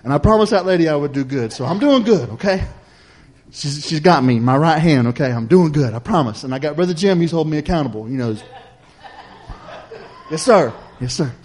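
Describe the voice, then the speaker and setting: A man's voice: on the high side, lively intonation, fast talker, darkish tone. A man preaching a sermon, telling a story in a folksy, chatty way and speaking straight to the congregation.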